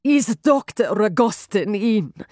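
A woman's voice: medium pitch, animated, slow pace, warm tone, dry recording. An overwrought young Spanish nobleman in a storybook reading, as a woman performs him, haughty and operatic with a Spanish accent. His grand declarations come across dry and close. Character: melodramatic foreign young aristocratic man.

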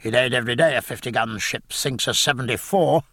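A man voicing a gruff, hearty old admiral who speaks bluntly, in an audiobook. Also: mid-range voice, brisk, a bit bright, dry recording, studio quality. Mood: bluff hearty. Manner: blunt, bluff, hearty exclamations.

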